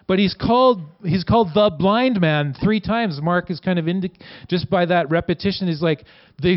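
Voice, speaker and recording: A man preaching in a relaxed, conversational way, his voice sitting a little high for a man. He acts out quoted lines with lift and energy. The recording sounds dull and lo-fi. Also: moderate pace. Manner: conversational, animated quoting with rising voice. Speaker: pastor. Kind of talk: sermon.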